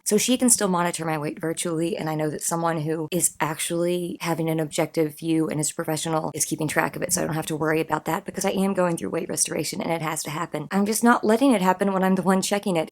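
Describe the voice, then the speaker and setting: A woman's voice: low-pitched, vocal fry. A woman in her thirties vlogging to camera, tearful and anxious, talking in an earnest, emotional way. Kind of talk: personal vlog, talking to camera.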